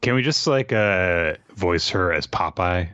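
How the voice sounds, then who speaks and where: A man's voice: low voice, lively intonation, measured pace, bright, forceful tone, dry recording, dull audio. A man co-hosting a podcast who chats casually and wryly, cracking jokes. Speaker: podcast co-host. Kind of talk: casual chat.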